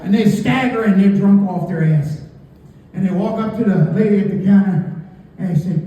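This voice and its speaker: High-voiced comic in an echoey stadium. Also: male voice, brisk, lo-fi sound. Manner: animated storytelling, screams and acts out characters. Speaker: stand-up comedian. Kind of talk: stand-up comedy set. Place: outdoor stadium comedy night. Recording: echoey stadium from a far mic.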